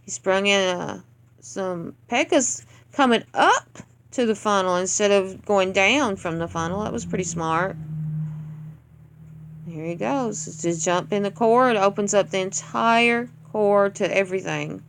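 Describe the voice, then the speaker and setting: A woman's voice: mid-range voice, unhurried, creaky, slight background noise. Blunt, ranting woman reviewing game attacks. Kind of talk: casual gameplay commentary.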